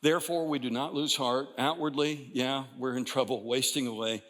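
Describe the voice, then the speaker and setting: An older male pastor delivers a sermon from a church sanctuary, his voice trailing off in a long hall reverb. He preaches conversationally, restarting phrases and rising into emphatic bursts before easing back down. His pitch sits mid-range for a man. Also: steady tone, moderate pace. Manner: builds to emphatic bursts, then drops quiet.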